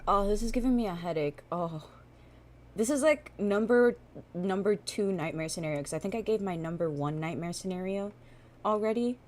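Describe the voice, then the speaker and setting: A woman streamer in casual reaction chat, telling a story with animated, profane energy. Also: mid-range voice, moderate pace.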